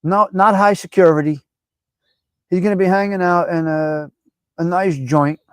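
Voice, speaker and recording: A man hosting a casual live-stream chat, brash, profane and animated as he talks back at viewers by name. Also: sits high, normal speed, clear, resonant tone, dry recording. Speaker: live show host.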